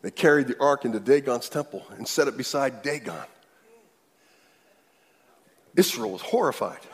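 A man preaching a sermon, animated, his voice leaping up and growing loud when he acts out quotes. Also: mid-range voice, gravelly, husky, in a large hall. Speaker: pastor.

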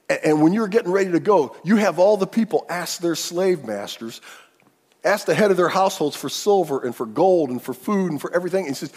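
A pastor preaching a sermon, retelling the story in an animated way that swings from hushed to emphatic. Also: male voice, high voice, long reverb tail.

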